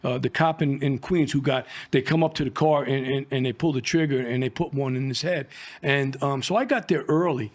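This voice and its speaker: A man's voice: medium pitch, fairly quick. A middle-aged man and former drug agent telling a war story in a rambling, profane, casual way, full of fillers.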